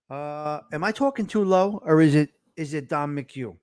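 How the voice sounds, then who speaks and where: A man's voice: on the high side, normal speed, hardly any pauses, darkish tone, dry recording, clean studio sound. A man hosting a casual livestream chat, chatty and asking viewers how his microphone sounds. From Italian-American, from New Jersey. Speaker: livestream host. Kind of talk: casual chat reading live comments. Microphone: close desk microphone.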